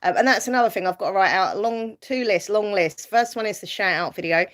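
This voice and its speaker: A woman's voice: medium pitch, fast, fairly bright tone. A woman casually chatting on a live stream, reading viewer comments aloud and answering them, rambling with fillers and light laughs. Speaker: YouTuber hosting a live stream.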